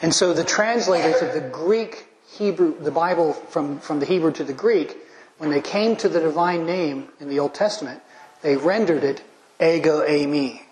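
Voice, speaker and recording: A man pastor delivers a methodical sermon, counting off points and scripture references and pressing home key lines. His voice sits a little high for a man. The sound rings in an echoey sanctuary over a faint room hum. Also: normal speed, darkish tone. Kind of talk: expository sermon.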